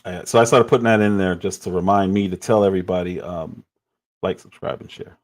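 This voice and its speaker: A man's voice: sits low, fairly even intonation, brisk. A man in his forties giving critical, exasperated commentary on clips during a livestream.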